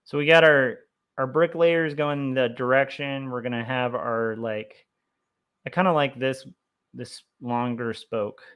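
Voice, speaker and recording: Sketching live for viewers, a young man who makes comics talks in a mid-pitched, clean-toned voice, a little on the slow side. His chatter rambles and is full of fillers, and he gets eager whenever the history he's researching comes up.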